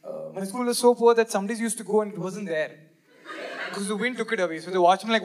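A young man from India performing stand-up comedy, animated and jokey, acting out quick bits of dialogue. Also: high-pitched. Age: 20s. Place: live comedy venue with audience.

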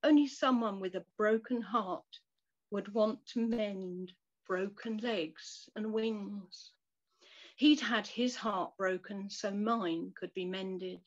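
Woman reading a devotional slow and soft, middle pitch, kinda muffled lo-fi sound. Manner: soft, measured, reflective. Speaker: devotional reader. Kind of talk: reading a devotional story and prayer aloud. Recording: dull lo-fi recording.

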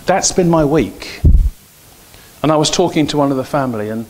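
A man's voice: a little high, expressive, normal speed, a little mellow. A middle-aged man preaching a sermon in a church, mixing personal stories with emphatic, rising exhortation. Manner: storytelling, grows emphatic and preachy. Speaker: pastor.

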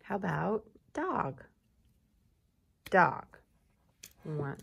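Woman teacher, slow and encouraging with little kids, super gravelly fry. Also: lowish voice, expressive. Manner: slow, encouraging classroom speech with prompts to repeat. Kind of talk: recorded remote lesson for young children.

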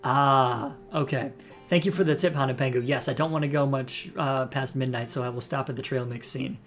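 A man's voice: medium pitch, fairly even intonation, a little fast, faint music behind. A man streaming a story game live, easygoing and self-deprecating as he talks with viewers. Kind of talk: casual live game commentary.

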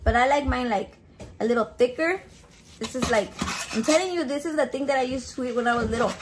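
Talking fast over a noisy background, a high-voiced woman films a recipe video in her home kitchen. Her casual cooking vlog chat is foul-mouthed and crude, packed with animated, profane storytelling.

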